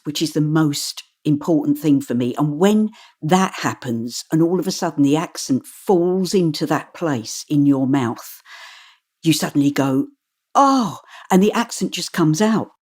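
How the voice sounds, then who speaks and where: Low-voiced woman, animated storyteller. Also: unhurried, breathy edge. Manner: animated, stumbles and restarts while telling stories. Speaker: audiobook narrator. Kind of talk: interview answers.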